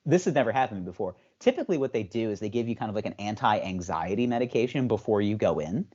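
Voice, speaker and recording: Animated man telling a story, lively pitch. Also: fast. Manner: animated storyteller, acts out quoted voices in a high pitch. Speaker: podcast co-host. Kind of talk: casual chat. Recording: slightly dull, lo-fi sound.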